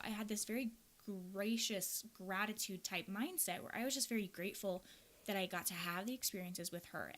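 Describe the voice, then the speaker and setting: Woman, young adult, Midwest, podcast host, yoga teacher, candid, earnest, reflective storytelling. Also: medium pitch. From American Midwest.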